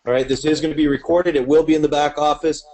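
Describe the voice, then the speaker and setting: A man's voice: fairly high pitch, fairly even intonation, fast talker, darkish tone. A man presenting a live webinar, giving direct, motivating instructions to the audience before starting.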